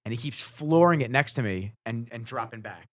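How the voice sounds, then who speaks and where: A man hosting a podcast, telling stories casually in a fast, animated way and swearing freely. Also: medium pitch, dry recording, clean studio sound. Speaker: podcast host. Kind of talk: casual storytelling.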